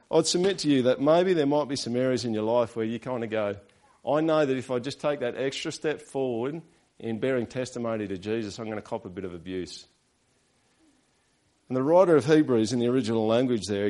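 A man with an Australian accent preaching a sermon, talking to his congregation in a relaxed way and dropping in quick rhetorical questions. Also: medium pitch. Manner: conversational, with rhetorical tag questions. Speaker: pastor.

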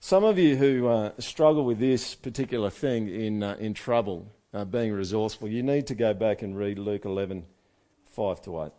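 A man preaching a conversational sermon with lively asides. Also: lowish voice, moderate pace. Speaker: pastor.

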